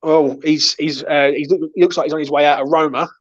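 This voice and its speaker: A man hosting a casual football chat, blunt and animated, swearing freely. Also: on the high side, a little fast. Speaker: podcast host. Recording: dull, dry lo-fi audio.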